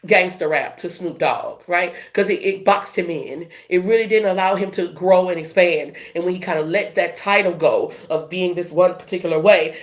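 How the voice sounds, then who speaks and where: A tarot reader from Louisiana talks through a card spread, with the accent softened. The delivery is emphatic and colloquial. Rhetorical questions get quick answers. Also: mid-range voice. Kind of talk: tarot reading to camera.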